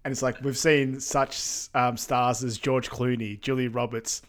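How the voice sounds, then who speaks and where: A relaxed man co-hosting a podcast and chatting through a film recap. He keeps it loose and unhurried, with plenty of fillers and easy agreement. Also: medium pitch. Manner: easygoing, lots of fillers and agreeing interjections. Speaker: podcast co-host. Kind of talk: casual film recap chat.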